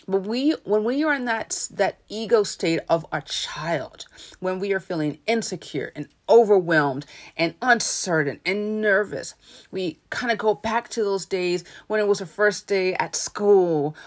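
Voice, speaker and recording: A woman hosting a solo podcast, talking in an earnest, instructive way about communicating, with short pauses between her phrases. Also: medium pitch. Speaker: podcast host and coach. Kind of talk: solo motivational podcast talk.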